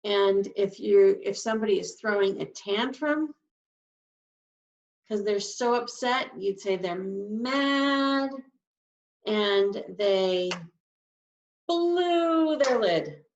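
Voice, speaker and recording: Slow, gravelly woman teaching signs. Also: medium pitch, expressive, roomy sound, a little hiss or hum. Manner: explains each sign step by step, drawn-out words. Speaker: sign language teacher. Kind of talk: slow, patient instruction. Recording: dull lo-fi sound, from a distance.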